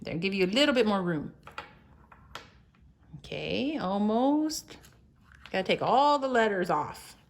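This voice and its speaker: A woman's voice: medium pitch, very animated, measured pace, pauses often, a little hiss or hum. A young mother encouraging her toddlers at the table at home, cheerful and sing-song, sometimes dropping to a whisper. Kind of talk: casual home video with children.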